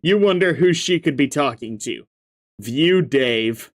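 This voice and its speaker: Man, fairly high voice, slow unhurried delivery, reading a comic aloud, stammering reactions. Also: animated. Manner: stammers and laughs often, reacts with sudden outbursts. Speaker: webcomic reader and reactor.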